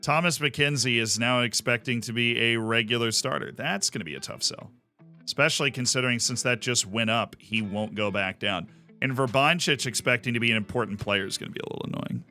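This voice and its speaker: Brief: male streamer, chatty and jokey, bright tone, faint guitar music behind. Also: medium pitch, a little fast. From Florida. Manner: chatty, enthusiastic, jokey asides. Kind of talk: casual gameplay commentary.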